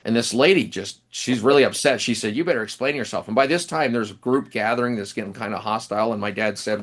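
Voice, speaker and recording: A middle-aged man, an author and professor, telling stories in an interview with many restarts and pauses. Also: lowish voice. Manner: rambling, halting anecdotes with many restarts. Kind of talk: storytelling in a casual interview.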